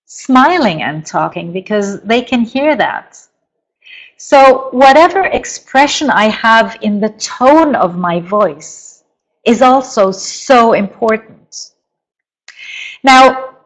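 A middle-aged woman coaching parents in a webinar lecture, explaining slowly and deliberately, with emphatic stresses. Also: fairly high pitch, rough recording.

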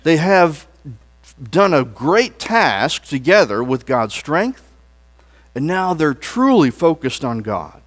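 A man's voice: a little high, very animated, takes it slowly. A man preaching a sermon in a church, earnest and emphatic, leading the congregation in spoken declarations. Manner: leads the congregation in call-and-response declarations; earnest preaching with emphatic rises and soft trailing phrase endings. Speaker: pastor. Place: church sanctuary.

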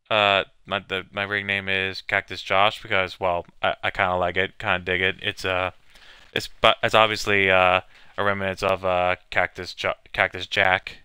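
Low, gravelly-voiced gamer man. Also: bright, forceful tone, dry recording. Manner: hesitant, many fillers, reads on-screen text aloud. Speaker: gamer playing a video game. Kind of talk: casual let's-play commentary.

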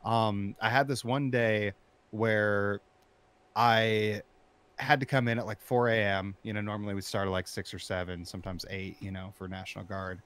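Low-voiced man telling a heated story. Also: moderate pace, clean tone. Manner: animated, profane, rising to shouting when recounting anger. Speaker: storyteller in interview. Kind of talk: casual conversational storytelling.

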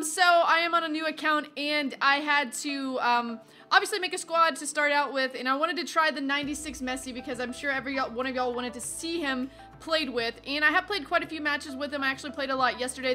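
Young female gaming host, bright and sharp, chatty and excitable, seated at a desk mic. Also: sits high, soft background music. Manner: chatty, excitable, quick asides. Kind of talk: casual gameplay commentary.

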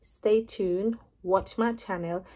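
Mellow-voiced woman vlogger telling a story. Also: medium pitch, slow pace. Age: 30s. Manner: lively retelling, acting out what each person said. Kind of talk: casual storytelling to camera.

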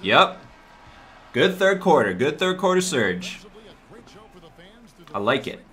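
Excitable young man narrating his basketball game. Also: medium pitch, takes it slowly. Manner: excitable, talks to the players on screen, swings from mutters to yells. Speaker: gaming YouTuber. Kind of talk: live gameplay commentary.

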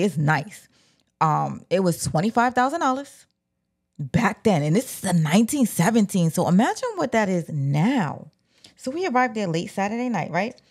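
A woman casually retelling an old scandal from a book, animated and slangy, talking straight to her viewers. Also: mid-range voice. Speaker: book commentator. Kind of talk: casual storytelling.

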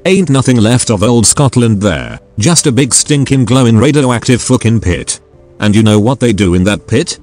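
A man's voice: mid-range voice, lively intonation, moderate pace, a little mellow, soft background music, lightly acted. Synthetic man voice reading a drunk masked gang boss. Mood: menacing. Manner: sneering, profane rant. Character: drunk masked male gang leader, ranting. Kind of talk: text-to-speech story reading.

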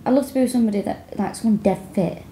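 A woman co-hosting a comedy podcast in casual chat, a playful, animated storyteller. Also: medium pitch, racing, slight background noise.

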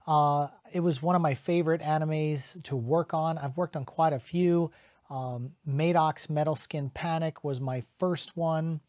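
A middle-aged man who is a voice actor, chatting casually to camera in an animated way and slipping into quick character voices. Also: on the high side, no echo, clean studio sound.

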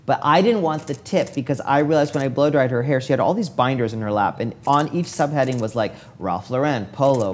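Fast-talking man telling his story. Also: mid-range voice. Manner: lively storyteller who acts out quoted dialogue. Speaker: hair stylist, interview guest. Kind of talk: casual storytelling interview.

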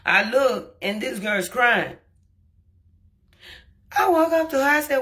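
A young adult woman from Liberia telling a comic personal story to camera, lively and acting out the quoted lines. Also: slow pace. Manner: animated, acts out quoted lines with rising pitch and volume. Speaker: comedian storyteller.

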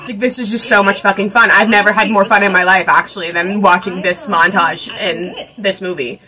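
A woman in her twenties giving a casual movie reaction, gushing and excitable, swearing freely and breaking into shrieks and laughter. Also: medium pitch, a little fast, poor audio. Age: 20s. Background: film soundtrack music.

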